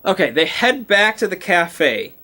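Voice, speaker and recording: Bright-voiced young game master, rambling. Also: male voice, high voice, very animated, unhurried. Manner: rambling, lots of "like" and restarts, chuckling. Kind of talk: casual recap of a tabletop game session.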